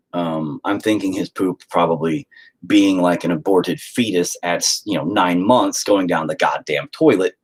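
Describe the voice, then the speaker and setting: Husky low-voiced dad on a live stream, swears a lot, rambles, voice jumps all over. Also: male voice. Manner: profane, rambling, animated with mock voices. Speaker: livestreamer and father. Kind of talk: casual live-stream rant.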